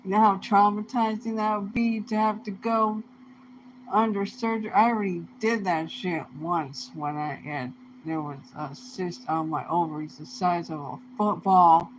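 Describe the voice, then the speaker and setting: A woman's voice: mid-range voice, fairly even intonation, moderate pace, a little hiss or hum, poor audio. A young woman talking to camera in a rambling, casual monologue, swearing heavily in loose, slangy speech. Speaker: vlogger.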